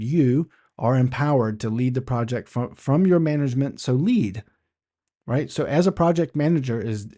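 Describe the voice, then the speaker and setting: A man with a medium-pitched, dark-toned voice hosts an instructional podcast. His teaching style is conversational, full of rhetorical questions and frequent phrase restarts.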